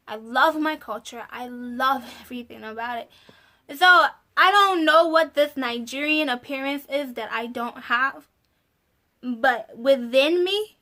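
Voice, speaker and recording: A young woman from the United States telling stories to camera in a vlog, animated and exasperated, often laughing. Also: high voice, a little slow. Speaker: vlogger. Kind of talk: casual storytelling to camera.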